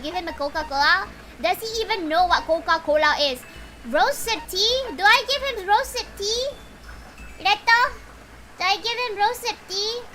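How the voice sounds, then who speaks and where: A woman with a high voice streams a game, chatting casually and excitably with her viewers. Loud game music plays under her voice throughout. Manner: excitable, chatty, talks to chat. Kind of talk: casual game livestream chat.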